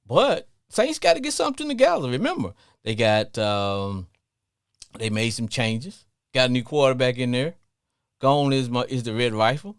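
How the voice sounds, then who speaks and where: Southern man, Louisiana accent, sports call-in host, lively swooping pitch, dry close sound. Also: normal speed, clean tone, no room sound. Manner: animated, sing-song, laughs often. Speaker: radio talk show host.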